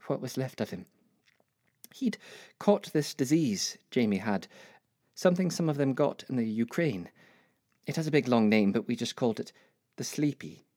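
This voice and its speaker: A woman's voice: very deep voice, mellow, no echo, studio quality. An older woman telling her life story as a reflective dramatic monologue with wry asides. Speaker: narrator.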